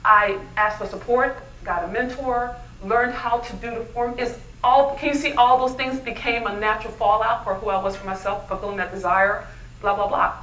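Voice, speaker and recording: Bright, high-voiced woman speaker in a hall. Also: normal speed, slight background noise. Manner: animated, keeps asking the audience questions. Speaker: keynote speaker. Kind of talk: motivational speech. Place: luncheon event hall. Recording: echoey hall, mic from far off.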